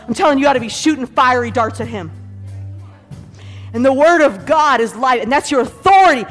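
A woman preacher giving an energetic sermon and calling on the congregation to repeat phrases, laughing often between points. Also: sits high, a little fast. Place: church hall with a congregation. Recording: hall reverb, faint background music.

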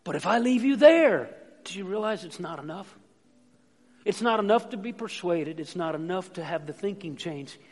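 A man's voice: high-pitched, animated, moderate pace. A male pastor preaching a sermon to his congregation with passion, repeating lines and calling on everyone to say them with him. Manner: impassioned, repetitive calls for the congregation to join in. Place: church sanctuary. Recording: long church reverb with faint music.

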